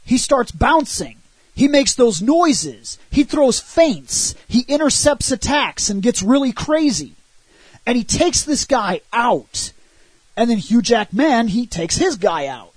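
A man on a podcast, casually and animatedly recounting a movie's plot and arguing for it, with a husky voice and loose swearing. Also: very high-pitched, takes it slowly, dry recording, low-quality recording. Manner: animated retelling with frequent swearing. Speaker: podcast co-host reviewing a film. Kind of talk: casual film discussion.

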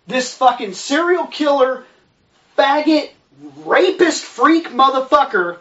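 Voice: high voice, lively intonation, unhurried, a bit bright. A reviewer ranting about a film and book in an exasperated, sarcastic way, swearing heavily. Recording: distant, dull lo-fi recording.

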